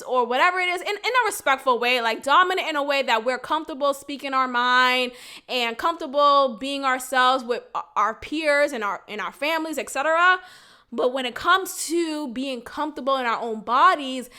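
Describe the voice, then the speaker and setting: A woman's voice: high voice, bright, forceful tone. A woman hosting a podcast in a frank, profane casual monologue, often laughing as she talks. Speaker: podcast host.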